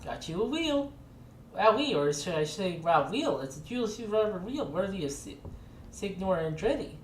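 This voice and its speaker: A woman's voice: medium pitch, very animated, normal speed, lightly acted. A woman voicing an earnest male craftsman who loves wheels and machines. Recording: echoey room with faint noise.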